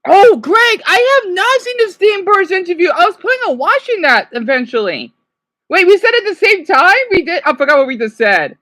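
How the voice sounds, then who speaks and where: A woman streamer reacting to videos in casual, rambling chat, excitable and talking back to her viewers. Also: extremely high pitch, normal speed, no echo.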